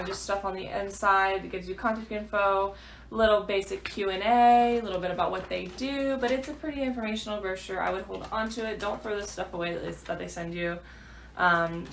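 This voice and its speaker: A woman's voice: mid-range voice, vocal fry, fairly bright tone, slight background noise. Chatty woman vlogging in an echoey room. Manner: chatty, rambling, many fillers. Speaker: new realtor. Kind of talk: casual vlog update.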